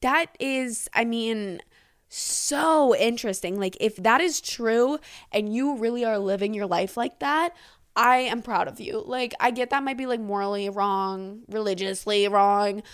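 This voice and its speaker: A young woman hosting a podcast, reading listener secrets aloud and reacting in a chatty, giggly, animated way. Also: fairly high pitch, measured pace, clear, resonant tone. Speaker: podcast host.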